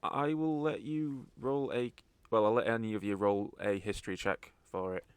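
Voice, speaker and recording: A man as game master of a tabletop game, giving relaxed explanations and rulings. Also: lowish voice, normal speed, clear, resonant tone, no echo.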